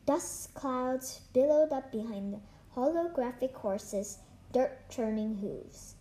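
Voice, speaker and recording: A woman's voice: high-pitched, lively intonation, slow, dark tone. A woman reading a children's novel aloud to a class, carefully and with small restarts.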